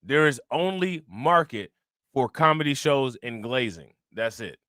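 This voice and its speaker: A man's voice: medium pitch, expressive, unhurried, pushed and bright, no echo. A man hosting a casual commentary show, reacting to news clips and talking straight to his viewers in a loose, repetitive way. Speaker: commentary channel host.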